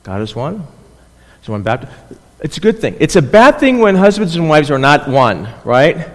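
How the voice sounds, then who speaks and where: A man's voice: fairly high pitch, big pitch swings, normal speed. Man preaching in a reverberant hall. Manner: conversational, checks in with listeners; restarts and repeats words. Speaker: pastor. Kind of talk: sermon.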